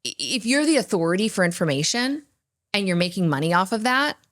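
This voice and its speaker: A podcast co-host tells earnest, emphatic personal stories during candid faith talk. Her mid-range voice takes big swings in pitch, and she talks a little fast.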